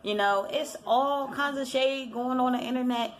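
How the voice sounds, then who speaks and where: A woman casually recapping a reality show episode in a lively, slangy way, acting out what the cast said. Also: high-pitched, moderate pace. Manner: chatty, animated retelling with quoted voices. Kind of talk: casual chat.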